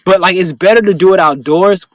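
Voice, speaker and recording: A man with a somewhat high voice rambles through a casual live-stream chat, heavy on profane street slang. He tells his stories with animation, and his voice is recorded close and dry, with no room sound. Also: a little fast, no echo, poor audio. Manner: animated storytelling. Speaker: live stream host answering viewer questions.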